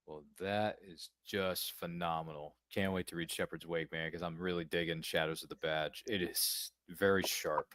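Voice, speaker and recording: A low-pitched male host chatting in a relaxed, jokey way, dropping puns as he asks his questions. His voice sounds close and dry. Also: normal speed, few pauses, dry recording. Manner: playful, jokey, punning. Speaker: podcast host. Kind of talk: casual interview hosting.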